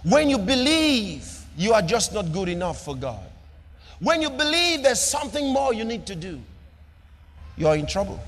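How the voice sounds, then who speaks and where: A man preaching a sermon with an emphatic, repetitive cadence, swinging between loud declarations and soft asides. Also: high voice, big-room sound. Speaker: pastor.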